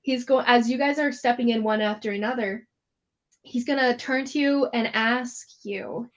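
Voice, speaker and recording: A woman running a tabletop game, narrating scenes in a loose, chatty manner. Her voice sits a little high. The audio is dull and lo-fi. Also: moderate pace. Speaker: game master.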